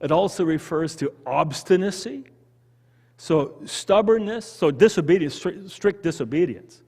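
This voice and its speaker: Animated Canadian man teaching Bible study. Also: fairly high pitch, unhurried, vocal fry, slightly rough, big-room sound. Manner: animated, conversational, asks the group questions. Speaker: pastor leading Bible study. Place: church hall.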